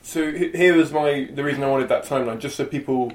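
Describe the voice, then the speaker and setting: Male podcast host, mid-pitched, short prompting questions, echoey room. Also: fast talker. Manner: brief prompting questions and backchannels. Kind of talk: interview questions.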